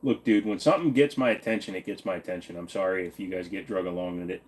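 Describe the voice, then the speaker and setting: Talking fast with few pauses in a low voice, a young Virginian livestream host reads out viewer comments. He answers them bluntly and spontaneously, cursing now and then.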